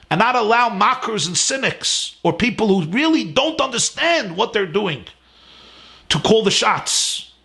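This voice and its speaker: A man with a fairly high voice delivers a heartfelt class as a rabbi, recorded at home. He talks with steady conviction, pressing each point by listing words in a climbing cadence. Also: gravelly. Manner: earnest, emphatic, lists words in rising cadence. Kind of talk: sermon-style class. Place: his home.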